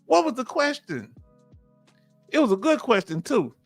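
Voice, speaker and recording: High-voiced man chatting on a stream. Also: big pitch swings, moderate pace, no room sound, soft background music. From Texas. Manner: folksy, storytelling, reads chat aloud. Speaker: host. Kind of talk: casual livestream chat.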